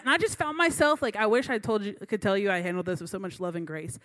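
A woman's voice: high-pitched, fast, few pauses, a bit bright. A woman in her late twenties, a youth pastor, giving a sermon in a chatty storytelling way with many fillers.

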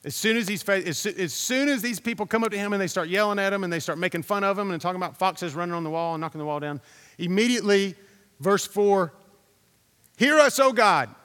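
A man's voice: sits high, quick pace, fairly bright tone, big-room sound. A man preaching a sermon as a pastor, talking in a conversational, storytelling way, repeating himself and putting questions to the congregation.

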